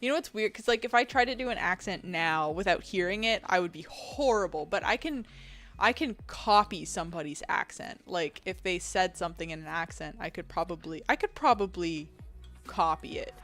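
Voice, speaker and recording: A woman game streamer chatting casually with her viewers, reading chat and laughing often, with a fairly deep voice. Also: lively intonation, moderate pace, fairly bright tone. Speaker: game streamer and video editor.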